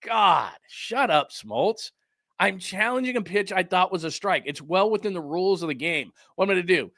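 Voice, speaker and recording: Man, sports talk host, heated sarcastic rant, sharp bright tone, dry close sound. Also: high-pitched, lively intonation, fairly quick, no room sound. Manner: heated, sarcastic ranting with mocking put-on quotes. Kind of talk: ranting sports talk show.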